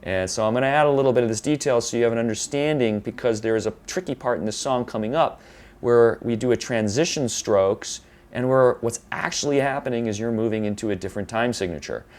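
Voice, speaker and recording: A man's voice: medium pitch, brisk, a little mellow. A man teaching guitar, explaining rhythm patiently, counting beats aloud and now and then correcting himself. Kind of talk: guitar tutorial. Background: electric guitar playing.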